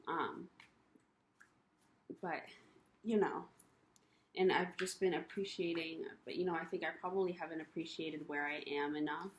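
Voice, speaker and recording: A young woman with a low, dark-toned voice talks through her frustrations in a personal vlog. She rambles and circles back, leaning on ums and you-knows, and sounds emotional and worn down. A faint hiss of noise sits under her voice. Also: steady tone, normal speed, long pauses. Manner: rambling, confessional, many fillers. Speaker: vlogger. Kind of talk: personal rant to camera.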